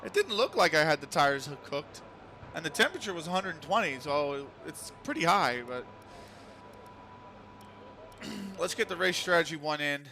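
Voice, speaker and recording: A man's voice: a little high, sing-song, moderate pace, long pauses. A man streaming a racing game, chatting casually and swearing as he drives. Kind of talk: live gameplay commentary. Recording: loud race car engine noise. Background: racing game car sounds.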